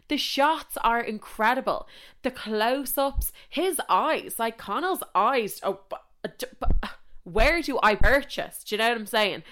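A young Irish woman hosting a podcast in casual chat, animated and chatty, swearing freely and getting carried away. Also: a little high, clear, resonant tone. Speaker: podcast host.

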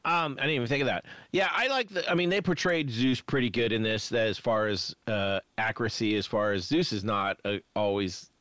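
A man's voice: on the low side, fairly quick, hardly any pauses, fairly bright tone, no room sound. A man on a podcast talking casually about a film, enthusiastic, laughing easily and often restarting his sentences. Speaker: podcast co-host. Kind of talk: casual movie discussion.

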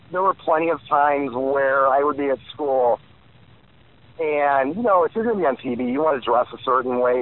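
A man in his forties giving rambling interview answers, full of fillers and restarts. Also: medium pitch. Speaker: guest. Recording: tinny phone line.

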